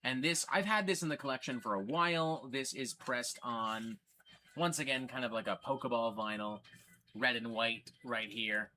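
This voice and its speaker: A man's voice: mid-range voice, normal speed, sharp tone, slight background noise. A man hosting a casual livestream, talking enthusiastically and swearing freely. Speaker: livestream host.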